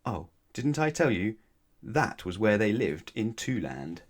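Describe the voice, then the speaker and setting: Male bedtime-story reader, low voice, gentle and expressive. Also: a little slow. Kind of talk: children's bedtime story read-aloud.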